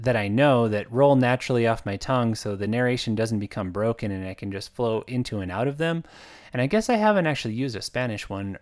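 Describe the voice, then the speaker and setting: An American author who narrates his own audiobooks talks in a loose, rambling monologue, thinking aloud with frequent "um"s and restarts as he circles back. His voice sits at an ordinary middle pitch, and the recording is close and dry with almost no room sound.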